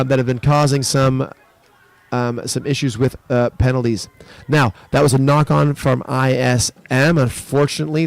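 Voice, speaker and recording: A man giving live rugby commentary at a school tournament, explaining the tactics and getting louder when the action picks up. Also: creaky, dry recording. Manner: explanatory, lifts pitch and volume during play. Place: school sports event.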